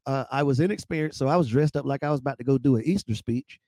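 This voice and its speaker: A middle-aged man, a stand-up comedian, telling stories with lively impressions and laughter in a casual interview. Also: rapid-fire, dry recording. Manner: acts out voices with high-pitched impressions and laughs. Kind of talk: animated storytelling.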